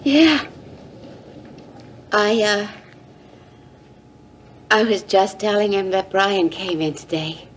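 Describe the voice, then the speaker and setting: A woman's voice: mid-range voice, lively intonation, takes it slowly, long pauses, slight background noise. An actress playing an earnest, determined young woman who is leaving her marriage to chase love, in 1980s TV soap acting.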